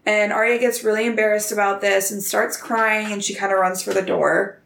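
A woman's voice: medium pitch, steady tone, moderate pace, gravelly, a bit bright, slight background noise. A woman casually retelling a book chapter for a podcast, chatty with many fillers. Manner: chatty, many ums and likes. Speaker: podcast host summarizing a book.

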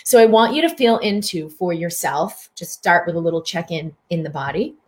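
Middle-aged woman doctor, low voice, chatty livestream host reading out viewer greetings. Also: lively intonation, normal speed. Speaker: physician hosting a live stream. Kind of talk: live-streamed wellness talk.

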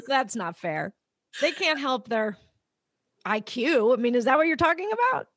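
A woman co-hosting a casual chat show, upbeat and quick to laugh. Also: high voice, sing-song, a bit bright, dry recording, studio quality. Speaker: podcast co-host.

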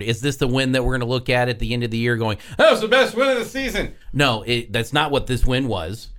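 A man's voice: medium pitch, a bit bright. A man hosting a sports talk radio show, talking in an exasperated, sarcastic way.

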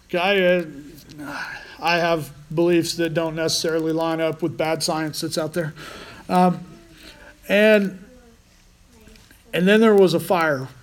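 A man's voice: fairly high pitch, steady tone, slow, long pauses. A man preaching a conversational sermon as pastor, restarting phrases often.

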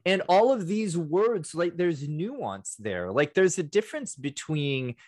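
A man's voice: on the high side, a little slow, dry recording, clean studio sound. A man co-hosting a podcast, talking casually and acting out the people in his stories. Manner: animated storytelling, acts out quotes. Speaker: podcast co-host; works with fourth graders. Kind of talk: casual discussion.

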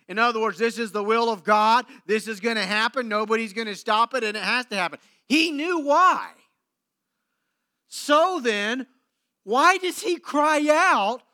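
High, bright-voiced preacher, slow and emphatic. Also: male voice. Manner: swings between loud emphatic preaching and hushed low passages; slow deliberate delivery with dramatic pauses. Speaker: pastor. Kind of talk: sermon.

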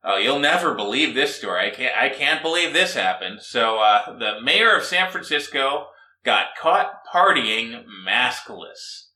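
Brief: bright-toned male podcast host, lively and sardonic, echoey room. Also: medium pitch, measured pace. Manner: mumbling, sardonic asides. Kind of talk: casual comedy talk.

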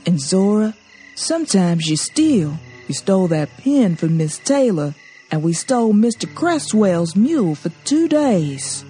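A woman voicing an earnest, gentle young man who counsels a girl. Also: mid-range voice, sing-song, unhurried, slightly rough, faint music behind, full character voice. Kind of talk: audiobook character voice.

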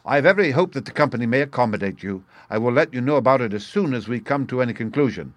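A man's voice: mid-range voice, animated, rapid-fire, no echo, natural voice. A man reading the part of a frightened male company manager who speaks with forced politeness. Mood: strained courtesy.

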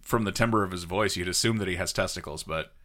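A man co-hosting a podcast in loose, profane banter. His voice sits a bit low but sounds bright and forward. His talk is relaxed and easygoing. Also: quick pace. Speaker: podcast co-host. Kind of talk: casual podcast chat.

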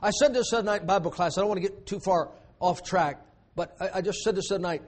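A high-voiced man with a drawl preaches from the pulpit. He presses his points hard, then falls to a hushed low voice for effect. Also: slightly rough. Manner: emphatic preaching with dramatic pauses and sudden drops to a low voice. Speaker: pastor. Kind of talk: sermon.

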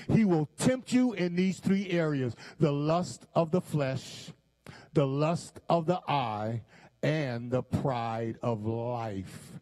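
A man preaching a sermon, quoting scripture with emphatic pauses and sudden shifts in pace. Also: fairly high pitch, mellow.

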